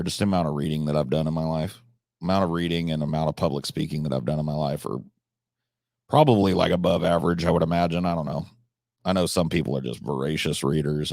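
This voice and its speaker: A man's voice: a bass voice, a little mellow, no echo, studio quality. A man from California hosting a livestream, answering viewers in an articulate, reflective way and letting a country drawl slip in now and then. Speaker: livestream host.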